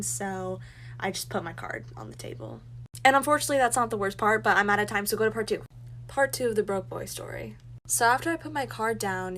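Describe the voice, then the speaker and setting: A woman telling a story about a bad date to the camera, with a lively, indignant manner. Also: mid-range voice, a little hiss or hum, poor audio.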